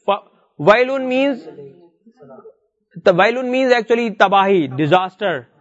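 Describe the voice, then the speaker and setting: High-voiced man teaching Arabic. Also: lively intonation, measured pace, lo-fi sound. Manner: explains step by step, repeats words, reads Arabic verses aloud. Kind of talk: classroom lesson.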